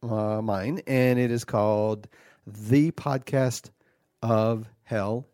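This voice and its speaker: A petty, easily offended devil hosting his own podcast, played by a man. His voice sits at a middle pitch, aggrieved and flustered, full of restarts. The recording is dry and close, with no room echo. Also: animated, measured pace, darkish tone, natural voice. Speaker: podcast host.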